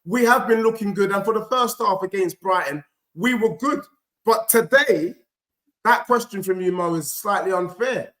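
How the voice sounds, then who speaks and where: A high-voiced man defends his football club on a fan panel. He argues his case point by point in a measured way. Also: fairly bright tone.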